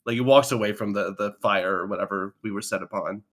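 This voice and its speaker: A man's voice: fairly low pitch, quick pace, a bit bright. A man chatting and laughing as a player at a tabletop game, describing his character's actions. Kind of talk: casual game-table chat.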